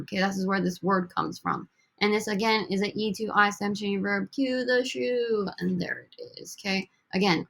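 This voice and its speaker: A woman's voice: mid-range voice, vocal fry. A woman teaching a recorded language lesson over slides, upbeat and coaxing as she drills students with prompts. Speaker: Spanish teacher.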